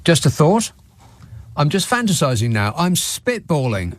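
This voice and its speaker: A man's voice: fairly high pitch, huge pitch swings, a little slow, a little hiss or hum. A man hosting a radio phone-in, talking in a sardonic, dry, jokey way. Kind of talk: late-night radio phone-in banter.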